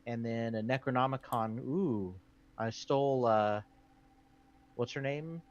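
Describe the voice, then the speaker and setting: A man's voice: medium pitch, unhurried, muffled recording. A man hosting a board game stream, chattily explaining the rules with plenty of ums and uhs. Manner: chatty, with many fillers. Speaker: board game show host.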